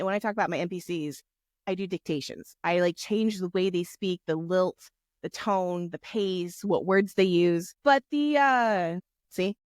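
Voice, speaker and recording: A woman co-hosting a tabletop gaming podcast, telling stories in animated, chatty casual talk. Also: medium pitch, no echo, studio quality. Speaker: podcast co-host and game master. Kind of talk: casual chat.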